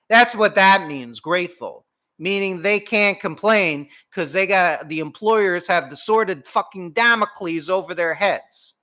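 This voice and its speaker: A man's voice: on the high side, unhurried, sharp tone. A man hosting a political commentary show, delivering an indignant, profanity-laced rant. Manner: indignant, swearing, emphatic.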